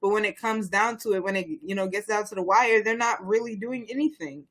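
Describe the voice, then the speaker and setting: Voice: mid-range voice, steady tone, fairly quick, a bit bright. A young adult podcast co-host from Boston, talking politics in a rambling, heated way with many restarts. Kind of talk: casual chat on local politics.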